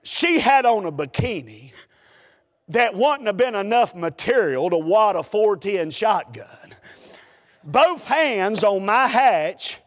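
A man, a preacher telling a humorous story in a folksy, animated way during a sermon. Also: high voice, slow, big-room sound.

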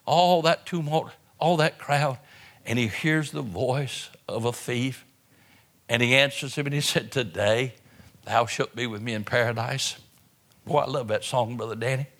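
Bright-voiced man preaching with fervor. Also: medium pitch. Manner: impassioned preaching, swinging from hushed to loud; repeats words and restarts phrases. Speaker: pastor. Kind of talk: sermon. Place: auditorium with an audience.

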